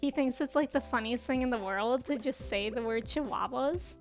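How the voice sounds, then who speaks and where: A woman's voice: high-pitched, moderate pace, soft background music. A young woman in her twenties streaming a game, chatting casually with viewers and laughing often. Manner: chatty, laughs often, reads chat aloud. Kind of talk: casual chat while gaming.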